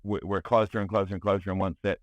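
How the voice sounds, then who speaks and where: Low-voiced New man, candid. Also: level tone, fast talker, no echo, muffled recording. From New Zealand. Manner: candid, restless, heavy on fillers and restarts. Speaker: guest, music producer. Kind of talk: casual podcast conversation.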